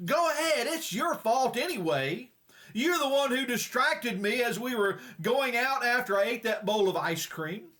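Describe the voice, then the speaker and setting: A man's voice: sits high, a little slow, hardly any pauses. A man voicing a defensive husband snapping back at his wife in a sermon illustration. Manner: snapping, blaming, raised voice.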